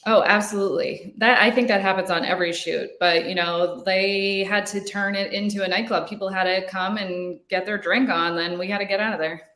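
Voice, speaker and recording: A woman filmmaker answering interview questions about her short film in a relaxed, talkative way. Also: mid-range voice, brisk, few pauses, reverberant. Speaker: filmmaker guest.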